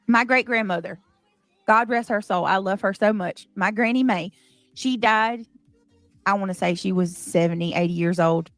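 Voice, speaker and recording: A woman's voice: medium pitch, moderate pace, dry recording, faint music behind. A woman hosting a livestream, chatting casually, reading chat comments aloud and laughing often. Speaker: livestream host.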